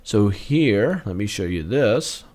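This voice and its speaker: A man with a fairly low voice talks viewers through price charts as a trading lesson. His pitch swings widely as he gets excited, and he punctuates each move with sound effects. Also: takes it slowly. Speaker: trading educator.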